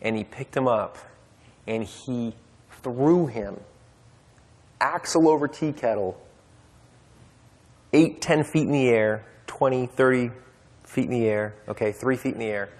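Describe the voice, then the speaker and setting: A man's voice: mid-range voice, a little slow, pauses often, darkish tone. A man telling a personal story at a Bible study, casual and conversational with fillers and restarts. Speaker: speaker at a men's Bible study. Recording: long hall reverb.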